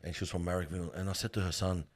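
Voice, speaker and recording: His voice sits low and he races through his words: a middle-aged man who works with funerals, telling stories earnestly in a casual interview. He's animated and often calls the listener "bro."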